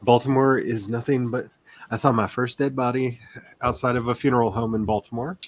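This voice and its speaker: A man's voice: medium pitch, fairly even intonation, fairly quick. A man in casual chat, teasing his friends and telling long, rambling stories. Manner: teasing, rambling anecdotal storyteller.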